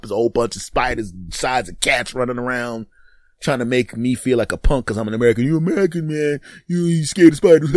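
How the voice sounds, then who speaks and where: A man's voice: mid-range voice, dry recording, clean studio sound. A man in his fifties hosting a comedic podcast monologue, brash and trash-talking, laughing at his own jokes. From Northeastern US. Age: 50s. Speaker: podcast host.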